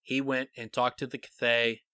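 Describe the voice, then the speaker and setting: A man co-hosting a podcast, animatedly thinking out loud as he retells and theorizes about scenes from a book. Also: medium pitch, little pitch movement, normal speed, smooth, no room sound. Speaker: podcast co-host. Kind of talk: casual podcast discussion.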